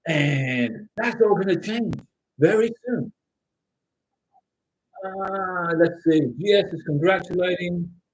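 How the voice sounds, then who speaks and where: Male livestream host, middle-aged, husky high voice, loud and lively, dry close sound. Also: takes it slowly, pauses often, no echo, rough recording. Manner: loud, animated, at times yelling. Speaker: livestream host giving visa advice. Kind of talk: casual livestream chat reading viewer comments. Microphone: home microphone with interference noted by viewers.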